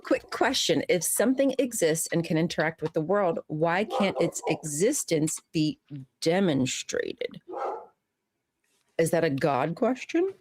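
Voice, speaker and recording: A woman's voice: low voice, sing-song, measured pace, darkish tone, slight background noise. A woman co-hosting a casual live stream, bantering playfully and giggling. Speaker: co-host.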